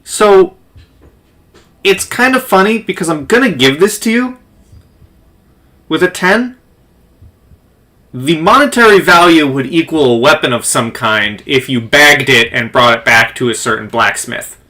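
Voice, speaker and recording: Slow, bright-voiced male game master. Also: on the high side, animated. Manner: slow descriptive narration with pauses. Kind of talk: narrating a tabletop game.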